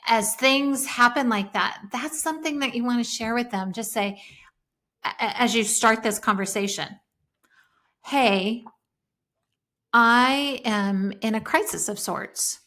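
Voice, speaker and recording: A woman in her fifties talks through ideas on a parenting podcast in an easy, conversational way. She is thoughtful and slows her pace when she wants a point to land. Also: medium pitch, a bit bright. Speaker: podcast co-host.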